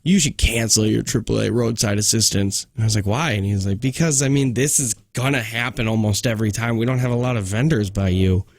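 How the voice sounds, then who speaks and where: Animated male radio host telling a story. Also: lowish voice, fast talker, hardly any pauses, dry recording, clean studio sound. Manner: animated, acts out both sides of phone calls. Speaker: radio morning show host. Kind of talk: casual on-air storytelling. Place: radio studio. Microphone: studio microphone.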